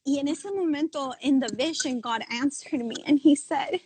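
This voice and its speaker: A woman's voice: high-pitched, normal speed, hardly any pauses, darkish tone, rough recording. A woman, a guest on a video call, talking earnestly about faith. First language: Spanish. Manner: code-switches, earnest, laughs. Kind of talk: casual chat about faith.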